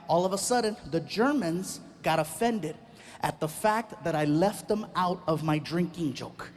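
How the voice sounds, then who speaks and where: A male stand-up comedian telling an animated story on stage and acting out the people in it. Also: sits high, measured pace. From Mexican-American. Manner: animated, acts out voices.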